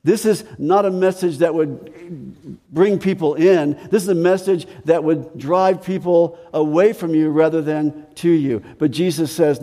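A man preaching a sermon, deliberate and emphatic, repeating key phrases and slowing down to stress them. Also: a little high, mellow, big-room sound. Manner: deliberate preaching with slow emphatic stretches and repetition. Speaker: pastor.

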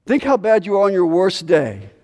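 A man preaching a sermon as pastor, emphatic, swinging from hushed to loud. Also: high-pitched, huge pitch swings, moderate pace. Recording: long reverb of a large hall.

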